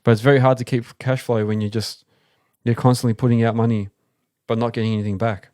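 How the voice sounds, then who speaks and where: A fast-talking Australian man with a medium-pitched voice, captured dry and at studio quality, hosts a live stream. He runs an excavation business and tells laid-back, meandering stories of its beginnings, peppered with fillers and acted-out quotes.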